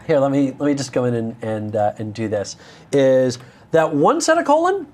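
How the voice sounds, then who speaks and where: A man's voice: mid-range voice, big pitch swings, moderate pace, noisy background. An American man teaching a live coding lesson, candid and self-deprecating, with joking asides. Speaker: instructor.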